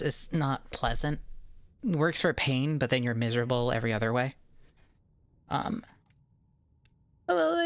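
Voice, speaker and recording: A woman streamer in pain and low on energy, rambling casually with her chat and swearing now and then. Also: no room sound.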